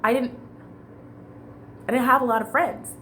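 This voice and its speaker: A woman's voice: a little high, fairly even intonation, moderate pace, bright, forceful tone, slight background noise. A woman telling a long personal story in a casual, rambling way, with fillers and restarts.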